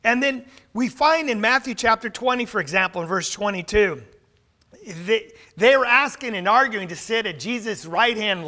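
A man's voice: sits high, bright, forceful tone. A man preaching a sermon, earnest, quoting scripture with rising emphasis. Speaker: pastor.

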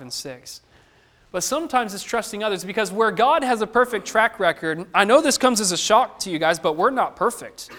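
A man's voice: high voice, a bit bright. A man preaching a sermon, who asks the listeners questions and acts out the lines of the people he quotes.

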